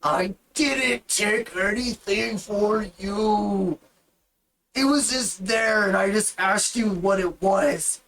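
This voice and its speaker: A woman's voice: medium pitch, slow pace, a bit bright, recorded from a distance, a little hiss or hum, voice pushed up. A woman voicing a battered, defensive male minotaur who protests his innocence. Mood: indignant. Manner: indignant, protesting.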